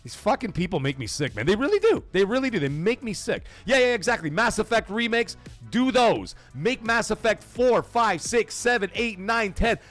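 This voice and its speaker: A man's voice: high-pitched, very animated, moderate pace, fairly bright tone, faint music behind. A man hosting a live gaming podcast stream, ranting profanely and greeting his chat by name.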